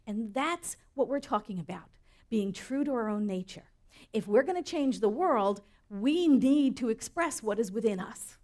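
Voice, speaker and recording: A woman's voice: on the high side, lively intonation, moderate pace, a little mellow. Earnest woman minister preaching. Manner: earnest, storytelling, rises for emphasis. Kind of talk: sermon.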